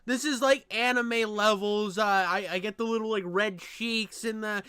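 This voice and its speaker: Male reaction host, high smooth voice, crude and mocking, loud outbursts. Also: fairly even intonation, normal speed, no room sound. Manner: loud, profane, mocking, swings from shouts to mutters. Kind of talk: crude comedic reaction commentary.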